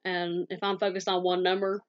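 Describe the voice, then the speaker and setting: Southern lady, 40s, talks quick and chatty, little dull lo-fi sound. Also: lowish voice, level tone. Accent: Southern American. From Southwest Virginia, US. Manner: fast-talking, chatty, laughs easily. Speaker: YouTube scam-baiter answering viewer questions. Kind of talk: casual Q&A vlog.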